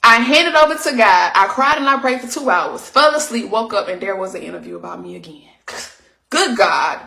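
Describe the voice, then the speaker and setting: A woman's voice: medium pitch, expressive, normal speed, vocal fry, sharp tone, roomy sound. A woman speaking in an emotional, preachy way, repeating herself for emphasis. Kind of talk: emotional testimony.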